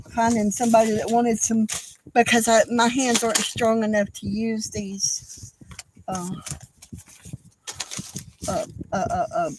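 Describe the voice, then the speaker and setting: An older woman, hosting a casual craft livestream, speaking in a halting, tearful, apologetic way with many fillers. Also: fairly high pitch, background noise.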